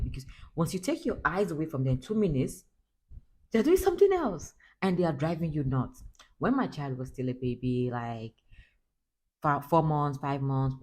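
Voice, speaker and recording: A woman's voice: extremely low pitch, a little mellow, husky, low-quality recording. A young Nigerian-accented woman chatting casually to camera as a mother, laughing often and slipping into pidgin. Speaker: mother vlogger.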